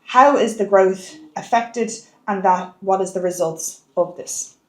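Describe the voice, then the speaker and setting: A woman's voice: medium pitch, unhurried, a little mellow, reverberant. A woman teaching a biology exam lesson, stressing key words and repeating points for the marks. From Ireland.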